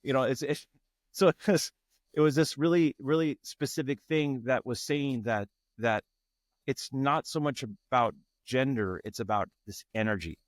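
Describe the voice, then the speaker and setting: Speaking at a normal pace in a mid-range voice, a male tantra facilitator reflects as an interview guest, earnest and searching and often starting his phrases over. The sound is dry and clean, like a studio.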